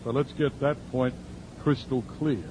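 A man's voice: mid-range voice, fairly even intonation, a little slow, background noise. A male pastor preaching a sermon as a story, with dry, sarcastic asides.

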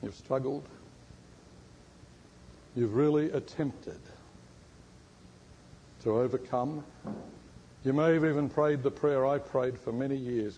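A man's voice: medium pitch, fairly even intonation, slow pace, long pauses, mellow, dull audio, a little hiss or hum. A man preaching a sermon and teaching, quizzing his listeners and stressing words emphatically. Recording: long hall reverb.

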